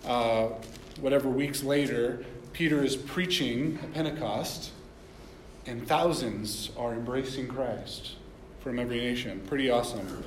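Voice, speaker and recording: A man's voice: medium pitch, a little hiss or hum. Man preaching a sermon in an echoey room. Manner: conversational, asks the listeners questions. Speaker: pastor. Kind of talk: sermon reading and explaining scripture.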